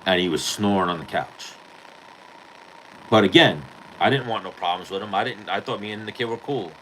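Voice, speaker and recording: A man's voice: lowish voice, moderate pace, a bit bright, a little hiss or hum, poor audio. A man hosting a podcast, telling a street-fight story in casual, profane chat and acting out the quotes. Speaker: podcast host.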